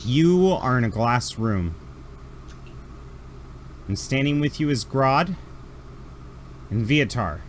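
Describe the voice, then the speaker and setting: A man running a tabletop role-playing game as game master, narrating scenes and reacting to players with animated energy. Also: slow pace, pauses often, a little hiss or hum. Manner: animated, laughing, jumps into high character shouts.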